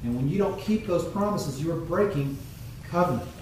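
A man preaching a sermon in a measured teaching tone, pausing often with fillers. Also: on the high side, animated, darkish tone, a little hiss or hum. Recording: very echoey room, mic far off.

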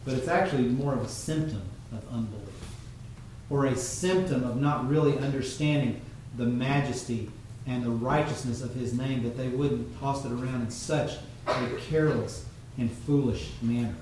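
A man preaching a sermon in a measured teaching tone, pausing often with fillers. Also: mid-range voice, darkish tone, slight background noise. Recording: very echoey room, mic far off.

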